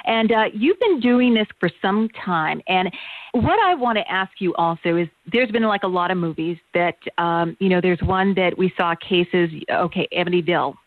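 A woman's voice: fairly low pitch, normal speed, no room sound. A woman hosting a radio interview show, chatty and full of exclamations as she introduces her guest and asks about his cases. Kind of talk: interview host. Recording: tinny phone-like line.

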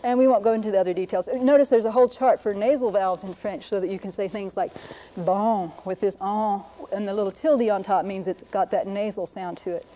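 Woman, linguist teaching a lesson, mellow voice, brisk explaining, faint hiss. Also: medium pitch, fairly even intonation, rough recording. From United States. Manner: explanatory, brisk, demonstrating sounds aloud. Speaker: linguist presenter.

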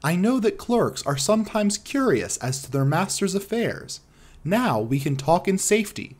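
A man's voice: sits high, very animated, normal speed. A man voicing a wary, secretive colonel of about forty with a German accent, insistent and probing, in an audiobook reading.

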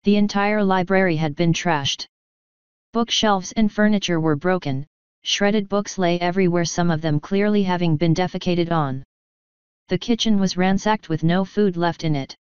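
Low, smooth-voiced woman reading a story. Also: normal speed, no echo. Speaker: fanfiction reader. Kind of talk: story narration. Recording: dull lo-fi recording.

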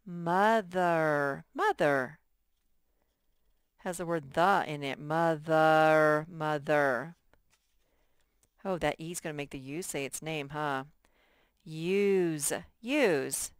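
A woman's voice: low voice, very slow, long pauses, clear, resonant tone, no echo. A woman teaching a first-grade workbook lesson, patiently sounding out words for young children.

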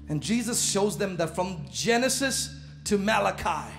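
Man, pastor, very high voice, live church sermon, shouts and quiet asides, faint music behind. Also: a little slow, creaky. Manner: animated preaching, shouting and dropping to asides; casual slang, laughs at own jokes.

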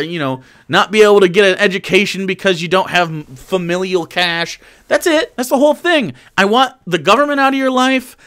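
A man's voice: sits high, sharp tone. A young man streaming live, reacting to a clip with exasperated, incredulous commentary and free swearing.

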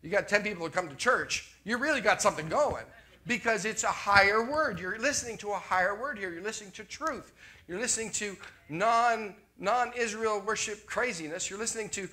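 An older male pastor preaching with an animated delivery. His voice sits fairly high and sounds bright and forceful. He swings between loud exclamations and quiet, soft asides. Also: a little fast. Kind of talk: sermon.

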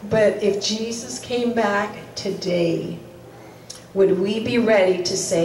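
A woman's voice: mid-range voice, steady tone, slow pace, a little mellow. Earnest woman preaching in an echoey chapel. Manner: earnest, repeats key lines for emphasis. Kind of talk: sermon. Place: chapel hall. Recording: roomy, distant mic, faint noise.

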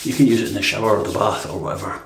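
A man giving a casual running commentary while he shaves in a bathroom, talking quietly and thinking aloud with lots of fillers. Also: fairly low pitch, very fast. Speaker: shaving video host. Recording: echoey bathroom with faint noise.

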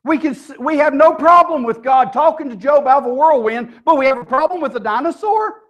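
High-voiced emphatic male preacher. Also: lively intonation, fairly quick. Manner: emphatic, rhetorical questions to the congregation. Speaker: pastor. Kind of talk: sermon. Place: church.

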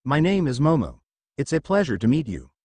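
A man's voice: on the high side, a little fast, dry recording. Storybook twin sister, composed and courteous; a male narrator reads her. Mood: polite. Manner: calm, polite. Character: calm polite young alien girl.

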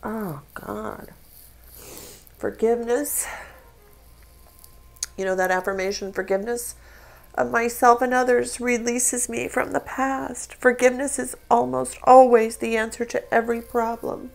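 A woman's voice: a little high, little pitch movement, moderate pace, vocal fry. A woman giving a tarot reading, speaking with spiritual feeling and emotion, close to tears. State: tearful. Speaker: tarot reader.

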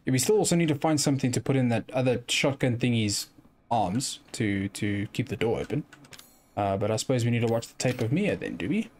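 A man's voice: medium pitch, animated, a little fast, darkish tone. Chatty man muttering through a game. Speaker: gaming YouTuber. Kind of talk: let's play commentary.

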